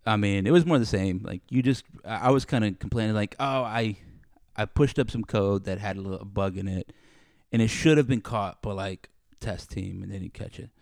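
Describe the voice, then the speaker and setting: A man's voice: on the low side, normal speed, few pauses, darkish tone, dry recording, studio quality. A man in casual podcast chat, ranting and acting out both sides of an argument as he talks. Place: studio under bright lights.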